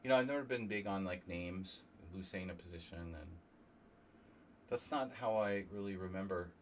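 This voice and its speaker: A man from New Jersey streaming a chess simul, thinking aloud in a halting, casual way and coughing now and then. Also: low voice, slight background noise. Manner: halting, muttering through chess moves with fillers.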